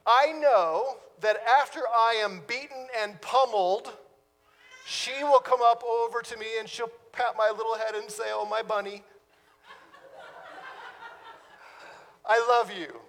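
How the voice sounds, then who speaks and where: A man, a pastor, preaching a sermon with dramatic pauses and sudden drops to a hush. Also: very high-pitched, in a large hall.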